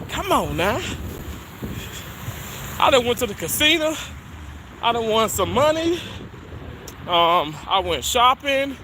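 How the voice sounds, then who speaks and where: A man's voice: extremely high pitch, sing-song, takes it slowly, pauses often, noisy background. A chatty man livestreaming outdoors on a snowy street, laughing often, a little winded from walking and talking to viewers. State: slightly winded from walking uphill. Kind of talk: casual walking livestream chat.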